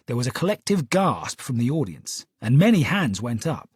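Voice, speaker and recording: Expressive husky male narrator. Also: mid-range voice, normal speed, few pauses, dry recording, clean studio sound. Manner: lively, expressive storytelling. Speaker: audiobook narrator. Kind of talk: scripted first-person narration.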